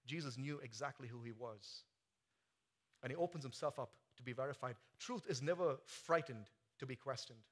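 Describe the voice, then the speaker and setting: A man preaching a sermon, swinging from quiet, joking asides to loud, soaring climaxes. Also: medium pitch, moderate pace. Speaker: pastor. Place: church sanctuary.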